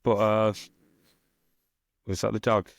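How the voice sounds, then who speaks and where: A man's voice: on the low side, little pitch movement, slow, creaky, no room sound, clean studio sound. A man with a Northern English accent chatting on a podcast, rambling and swearing freely as he teases his co-host. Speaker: podcast co-host and self-published author. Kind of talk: casual podcast chat.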